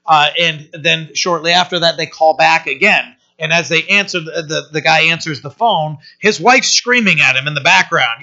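Bright-voiced man teaching a Bible passage. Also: a little high, normal speed, gravelly, hardly any pauses. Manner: conversational, often asking "right?". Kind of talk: casual verse-by-verse Bible teaching. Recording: dull lo-fi sermon recording.

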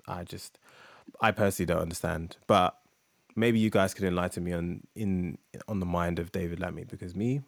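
A man's voice: sits low, fairly even intonation, brisk, creaky, no echo. A man co-hosting a podcast, reading an essay aloud with chatty asides and fillers. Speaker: podcast co-host.

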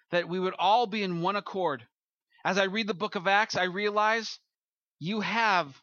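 A man's voice: sits high, bright, forceful tone, dry recording, lo-fi sound. A man as pastor, preaching a sermon and leading a closing prayer, earnest and building to emphatic peaks.

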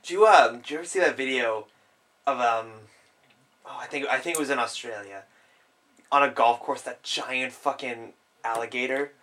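A man in casual chat, tossing in dry quips and quick asides. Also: medium pitch, bright, forceful tone.

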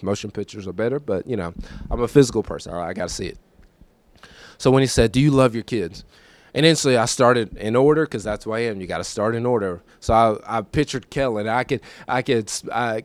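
A man in his thirties gives a testimony sermon in a church, speaking at an ordinary mid pitch. He talks casually and repeats himself, then swells into emphatic, preacherly lines. The close recording is dry, with little room sound. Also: dry recording. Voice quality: conversational, emotional, repeats himself. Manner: swings from quiet recollection to raised emphatic preaching.

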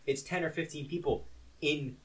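A man's voice: a little high, fairly even intonation, normal speed, low-quality recording. A man co-hosting a casual podcast, chatting in an easygoing, rambling way. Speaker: podcast co-host. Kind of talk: casual chat.

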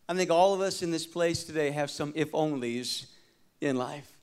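Man, pastor, sermon, high-pitched voice, dramatic loud-to-hushed preaching, calls for congregation responses. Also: normal speed, clear, resonant tone.

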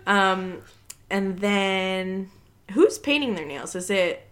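A woman's voice: medium pitch, animated, slow pace, a bit bright, a little hiss or hum. A woman co-hosting a podcast, casually retelling scenes and laughing often. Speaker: podcast co-host. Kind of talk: casual recap chat.

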